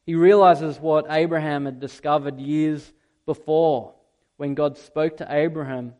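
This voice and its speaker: A man preaching a sermon to a congregation, swinging from loud emphatic peaks to quiet, intimate asides. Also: fairly high pitch, fairly even intonation, a little slow. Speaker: pastor. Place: church hall with a live congregation.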